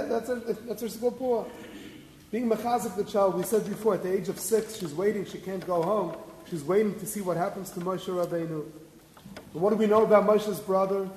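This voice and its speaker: High-voiced rabbi guy, earnest sermon, boomy hall echo. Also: dark tone. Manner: earnest, explains with rhetorical questions and Hebrew quotes. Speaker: rabbi giving a Torah talk. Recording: echoey hall with faint noise.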